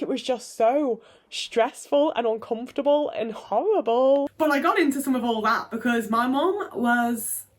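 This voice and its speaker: A woman in her twenties telling a personal story to camera in a candid, sweary, rambling way full of fillers. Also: fairly high pitch. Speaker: vlogger.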